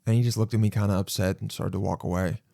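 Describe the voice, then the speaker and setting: A man hosting his podcast, telling a story in an animated, self-mocking way and swearing freely. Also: on the low side, fast talker, gravelly, dry recording, clean studio sound. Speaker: podcast host. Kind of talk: casual storytelling monologue.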